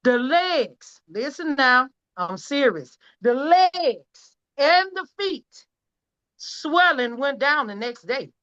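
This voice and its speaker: On a muffled video-call recording from her home, a woman with a high, sing-song, slightly bright voice takes her time sharing a personal product testimonial. She speaks earnestly and emphatically, occasionally near tears.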